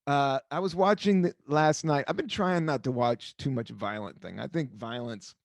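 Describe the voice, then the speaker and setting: A man's voice: mid-range voice, normal speed, creaky, no echo. A man in his forties from the United States hosting a podcast, rambling through stories in casual chat, swearing freely and acting out what people said. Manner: rambling storyteller, swears freely, acts out quotes. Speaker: podcast host.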